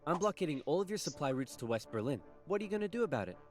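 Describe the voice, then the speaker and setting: A man voicing a blustering, bossy Soviet dictator who scolds in a comedic animated history video. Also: fairly high pitch, rapid-fire, faint music behind. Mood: taunting.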